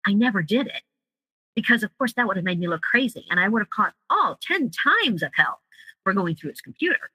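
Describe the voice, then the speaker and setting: Woman, interview guest, emotional personal story, acts out dialogue, bright voice, dry close sound. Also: medium pitch, very animated, fairly quick, husky, no room sound, rough recording.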